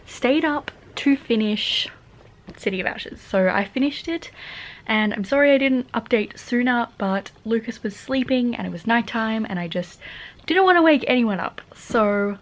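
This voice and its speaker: A young woman with an Australian accent chatting casually in a book vlog, animated and laughing often. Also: fairly high pitch, a little slow. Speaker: book vlogger. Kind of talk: casual reading vlog chat.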